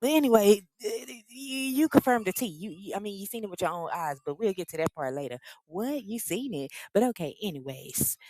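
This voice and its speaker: A woman hosting her own reaction channel, recapping a reality TV episode in a sassy, slangy, animated way. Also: medium pitch, brisk, few pauses, dry recording. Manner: animated, slangy, sassy storyteller who acts out the quotes. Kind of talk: casual reality-TV recap commentary.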